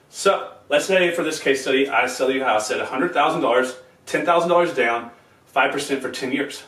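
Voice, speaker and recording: A quick, plainspoken man explains real estate terms step by step in a casual video. His voice sits at a middling pitch and carries some room echo, picked up from a little way off the mic. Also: fairly bright tone. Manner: quick, plainspoken, walks through an example step by step. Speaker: real estate investing channel host. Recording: roomy sound from a distance off the mic.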